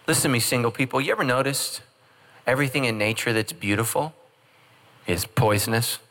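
A man's voice: mid-range voice, brisk, fairly bright tone. A middle-aged man preaching a humorous sermon as pastor, joking and acting out quoted voices. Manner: jokey, acts out quoted voices.

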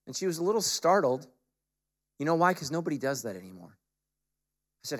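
A male pastor preaching a sermon, moving from casual storytelling to forceful, emphatic exhortation. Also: a little high, big pitch swings, fast talker, pauses often.

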